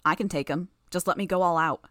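A woman voicing a blunt, aggressive teenage girl fighter who speaks slowly and flatly. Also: fairly low pitch, no room sound, clean studio sound, close to an everyday voice.

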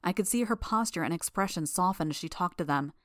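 A woman giving a measured first-person audiobook narration. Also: lowish voice, no echo, clean studio sound.

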